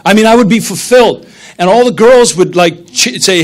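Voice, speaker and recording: A man's voice: sits high, expressive, normal speed. A middle-aged man, a pastor, preaching a sermon in a conversational, humorous storytelling manner.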